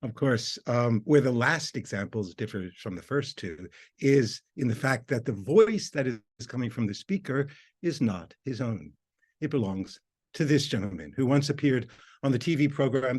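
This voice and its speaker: Measured male academic lecturer. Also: medium pitch, expressive, darkish tone, breathy edge. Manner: measured, explanatory. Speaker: university lecturer.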